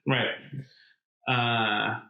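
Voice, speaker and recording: A man's voice: medium pitch, flat delivery, extremely slow, vocal fry, highs cut off. A man co-hosting a podcast in casual banter, with dry, absurd jokes. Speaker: podcast co-host. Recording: echoey room.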